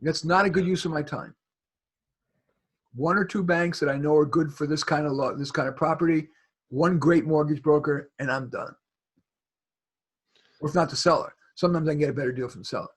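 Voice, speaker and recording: A man's voice: fairly high pitch, a little fast, long pauses, husky. A man from New York giving rambling advice over a video call, full of restarts and fillers. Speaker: guest expert.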